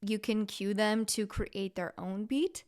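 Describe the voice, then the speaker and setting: Slow and darkish in tone, this mid-range female voice belongs to a music therapist and podcast host. She explains steps plainly, with a few fillers, and sings simple call-and-response demos for her teaching podcast.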